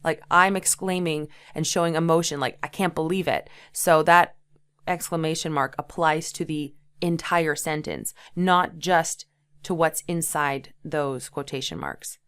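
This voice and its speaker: Young female ESL teacher, patient explainer, smooth clear voice, slightly low pitch. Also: fairly even intonation, unhurried, a bit bright. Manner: explains patiently, checks in with "okay?"; acts out example sentences with emphasis. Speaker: English teacher. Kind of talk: ESL grammar lesson.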